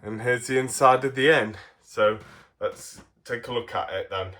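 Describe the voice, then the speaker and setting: English man, YouTube toy reviewer, has a cold; bright tone, mid pitch, rambling, chuckly delivery. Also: moderate pace. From England. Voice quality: rambling, laughs often, many fillers.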